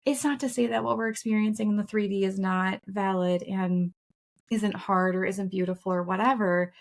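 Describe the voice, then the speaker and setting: Speaking at a moderate pace with fairly even intonation and some vocal fry, a middle-aged woman co-hosts a laid-back podcast. She sounds earnest and reflective, candid throughout, and drops the occasional swear word.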